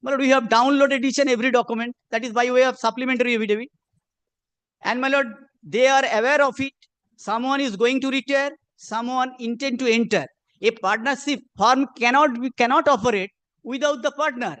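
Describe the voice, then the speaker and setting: Insistent high-voiced male advocate in court. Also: steady tone, brisk, fairly bright tone, clear, resonant tone, no room sound. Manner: insistent, repeats "my lord" constantly. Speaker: advocate arguing a case. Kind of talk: courtroom legal argument.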